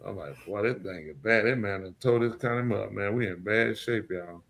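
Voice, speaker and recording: Podcast host, man, lowish voice, rambling lament in loose slang. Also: normal speed, vocal fry, fairly bright tone. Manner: rambling and lamenting, repeats himself; drawling, informal slang. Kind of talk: casual podcast chat.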